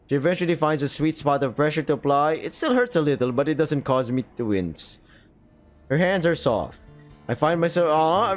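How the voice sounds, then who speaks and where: A man reading a visual novel aloud and reacting as he plays, excitable, cursing freely and breaking into quick laughing asides. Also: on the high side. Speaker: gaming video creator.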